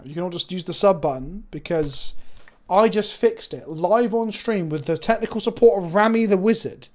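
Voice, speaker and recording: Man, high voice, card game streamer, excitable, swears a lot, banters with chat, desk mic. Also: normal speed. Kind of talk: casual live-stream commentary.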